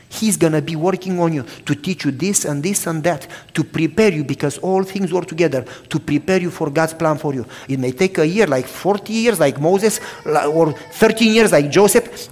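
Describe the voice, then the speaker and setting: A man in his sixties, a pastor preaching a sermon and animatedly acting out both sides of the conversations in his stories. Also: on the high side. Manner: animated, acts out both sides of dialogues loudly. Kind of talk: sermon storytelling. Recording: long hall reverb.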